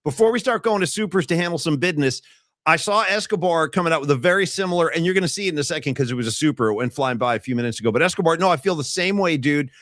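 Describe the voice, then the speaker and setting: A man co-hosting a sports podcast in casual chat, animated and reading viewer comments aloud. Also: on the high side, very fast, no echo, clean studio sound. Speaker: podcast co-host.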